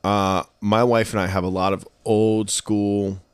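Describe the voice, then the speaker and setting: A man hosting a casual podcast chat, an animated storyteller who acts out the people he quotes. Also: lowish voice, a little slow, smooth, dry recording. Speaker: podcast host.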